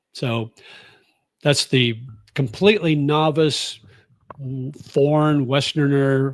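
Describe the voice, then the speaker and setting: A mid-range-voiced American man in his sixties chats casually as a vlogger, answering viewer comments. He rambles in an easygoing way, with lots of fillers and restarts, and the recording is dry.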